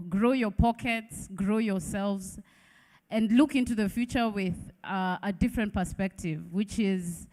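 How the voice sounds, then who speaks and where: A middle-aged woman with a Ugandan accent presents a new product to a hall of listeners. Her voice sits at a middle pitch, and she keeps the talk chatty by asking the audience questions. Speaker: keynote speaker. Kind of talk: launch presentation speech.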